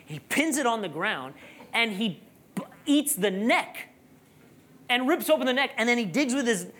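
A preacher giving a sermon, telling a lively personal story and then building to emphatic, raised-voice preaching. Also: medium pitch, moderate pace.

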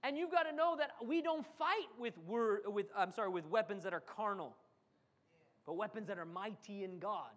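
A man with a very high voice preaches a sermon with fervor. He acts out the figures he quotes and calls on the congregation to answer back with amens. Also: moderate pace, fairly bright tone. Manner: preaching with dramatic acted quotes and call-and-response. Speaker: pastor.

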